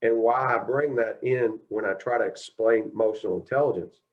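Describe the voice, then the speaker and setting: A man's voice: on the low side, moderate pace, highs cut off. A middle-aged man with a Kentucky accent gives a guest lecture at a mediation class as a folksy storyteller, retelling talks with lots of "I said, he goes.". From Kentucky, USA. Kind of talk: anecdotal lecture.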